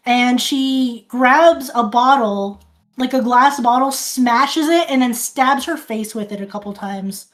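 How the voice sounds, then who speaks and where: A woman's voice: on the high side, slow pace, soft background music. A woman streamer casually recapping a film, rambling, restarting sentences and swearing often.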